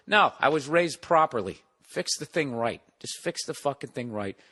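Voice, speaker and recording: A comedian hosting a podcast, telling a long profane story in a casual monologue, exasperated and sarcastic. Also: male voice, on the low side.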